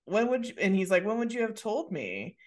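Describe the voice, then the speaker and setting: Podcast co-host, middle pitch, relaxed recap delivery that slips into quoted lines. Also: fairly quick. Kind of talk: casual chat, recapping a TV episode.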